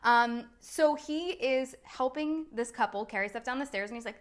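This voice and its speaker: A woman's voice: on the high side, normal speed, hardly any pauses. A woman, a coach talking casually on a live video, chatty and laughing at herself. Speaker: business strategy and NLP coach, host.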